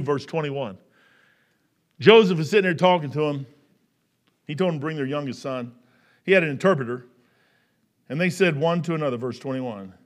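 A man in his fifties preaching a sermon, folksy and storytelling, acting out dialogue and swinging between loud emphasis and soft asides. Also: on the high side. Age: 50s.

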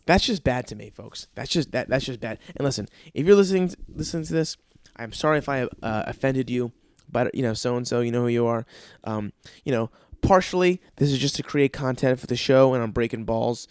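A man's voice: medium pitch, brisk, darkish tone, clean tone, dry recording. A young man hosting a podcast, ranting in a profane, comedic way and mocking people with sarcastic voices. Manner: swears constantly, mocks with sarcastic quoted voices. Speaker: podcast host. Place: Los Angeles.

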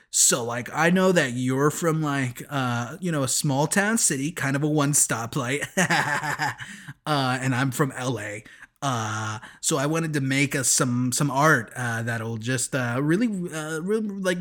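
A man's voice: mid-range voice, a bit bright, close to an everyday voice. A man mocking a dopey mumbling gym bro. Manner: mumbling, hesitant, full of "uh" and "like". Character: dim, slow-talking male gym bro.

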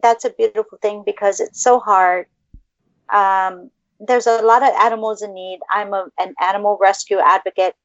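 A woman's voice: medium pitch, fairly even intonation, moderate pace, no room sound. A woman hosting a casual podcast chat, gushing and effusive, cooing to pets on a video call. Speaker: podcast host. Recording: dull lo-fi dry sound.

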